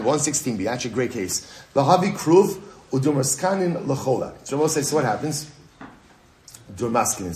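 Animated rabbi teaching Talmud. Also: male voice, medium pitch. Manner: animated, asks and answers his own questions, repeats phrases, Hebrew and Aramaic terms. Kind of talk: lively Talmud class.

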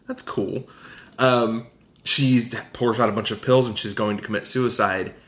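A man with a Southern US accent recapping a film in casual podcast chat, animated and jokey. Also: mid-range voice, unhurried. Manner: animated, jokey, acts out quotes. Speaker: podcast co-host.

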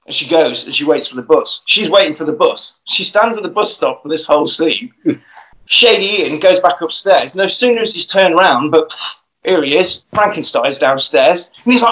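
A man's voice: fairly high pitch, moderate pace, a bit bright, low-quality recording. A man casually recapping a film plot, swearing and acting out the characters' lines.

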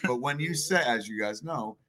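A middle-aged man telling a story as a guest on a live chat show, swearing constantly and animated. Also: mid-range voice, moderate pace.

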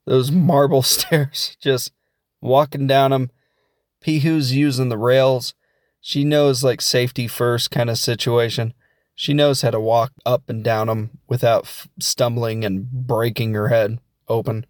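Guy rambling thru a movie recap, jokey asides, normal pitch, dry close sound. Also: fairly even intonation, measured pace, dry recording. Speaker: film reviewer. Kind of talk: casual spoken film recap.

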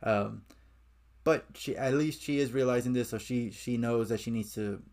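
A man's voice: mid-range voice, moderate pace, darkish tone. A man chatting casually as he recaps and critiques a comic book, with his opinions mixed in.

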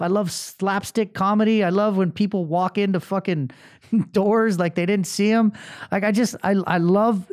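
A man's voice: high-pitched, darkish tone, dry recording, clean studio sound. A man hosting a solo motivational podcast, talking bluntly and with plenty of swearing about a bad day and feeling angry. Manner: blunt, profane, emotionally open. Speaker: podcast host.

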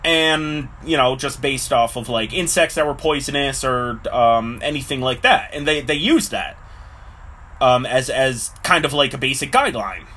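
A man's voice: mid-range voice, animated, normal speed, sharp tone. A man talking casually to camera in a rambling way, full of fillers, acting out little voices as he goes. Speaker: vlogger.

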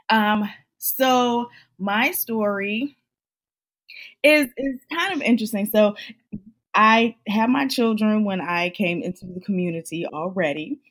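A woman's voice: mid-range voice, takes it slowly, fairly bright tone. A woman co-hosting a casual podcast. She is easygoing and laughs often as she reads letters aloud. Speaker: podcast co-host. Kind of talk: casual chat.

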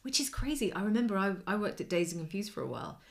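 A middle-aged woman co-hosting a podcast, telling an animated anecdote in casual chat. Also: mid-range voice, fast talker, vocal fry. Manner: animated anecdote-telling, acts out quoted voices. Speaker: podcast co-host.

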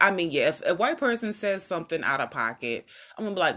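A woman's voice: on the low side, quick pace. A woman vlogger telling personal stories in a casual, rambling way, losing her track, restarting, and acting out what other people said. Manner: animated, acts out what others said. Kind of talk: casual personal storytelling to camera.

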